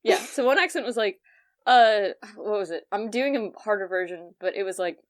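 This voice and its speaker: This podcast co-host, a young woman with a medium-pitched voice at normal speed, tells stories in a relaxed chat. She's an animated storyteller and laughs a lot.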